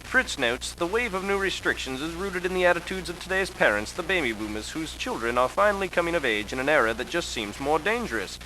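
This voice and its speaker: Male narrator, dry and pompous mock-documentary read, lively pitch. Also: a little fast, hardly any pauses, a little hiss or hum, low-quality recording.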